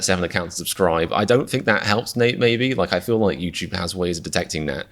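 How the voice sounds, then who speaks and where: A man with a deep, low voice talks straight to his viewers in a loose, rambling outro. He is chatty and pokes fun at himself as he goes. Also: fairly bright tone. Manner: chatty, self-mocking, rambling asides. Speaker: reaction channel host. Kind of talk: casual outro chat to viewers.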